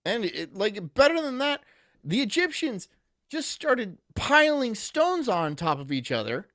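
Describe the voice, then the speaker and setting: A man's voice: extremely high pitch, sing-song, measured pace, a bit bright, no room sound, clean studio sound. A man streaming casually, reading chat aloud and rambling through jokey asides.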